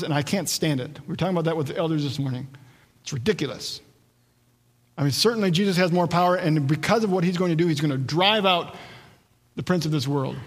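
A man's voice: a little high, in a large hall. A man preaching a sermon as pastor, reading scripture aloud and explaining it verse by verse. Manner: expository preaching, acts out quoted voices.

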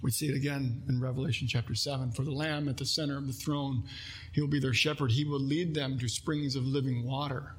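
A man's voice: medium pitch, fairly even intonation, brisk, husky. A man preaching a sermon as pastor, earnest, reading scripture aloud and asking his listeners questions.

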